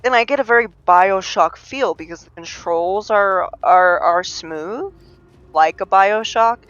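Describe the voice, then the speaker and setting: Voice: medium pitch, measured pace, a bit bright, no room sound, muffled recording. A game streamer giving casual, rambling live commentary with lots of fillers and restarts. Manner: rambling, chatty, many fillers and restarts, laughs at own jokes.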